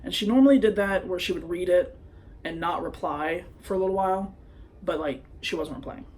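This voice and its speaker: A man's voice: sits high, fairly quick, a little mellow, slight background noise. A young man vlogging into his phone, telling a personal story in a hesitant, rambling way full of fillers. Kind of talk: confessional personal vlog.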